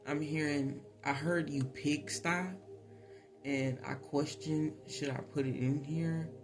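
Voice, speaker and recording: A man giving a casual spiritual tarot reading, chatty, laughing often and filling pauses with ums. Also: on the high side, steady tone. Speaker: tarot reader. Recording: voice over clear background music.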